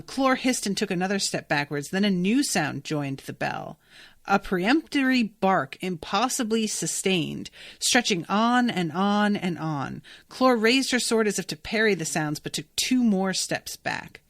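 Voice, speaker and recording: A woman hosting a podcast who reads a book aloud and reacts to it in an excitable way, swearing freely and laughing. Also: mid-range voice, no echo, studio quality. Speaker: podcast host.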